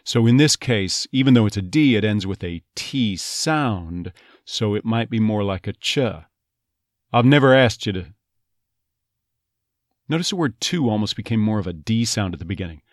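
A man's voice: lowish voice, expressive, fairly quick, dry recording, clean studio sound. A man working as an accent coach, teaching step by step and demonstrating sounds word by word. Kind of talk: instructional teaching.

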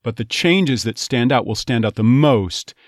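A man's voice: mid-range voice, lively intonation, a little slow, no echo, clean studio sound. A man working as an accent coach, teaching step by step and demonstrating sounds word by word. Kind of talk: instructional teaching.

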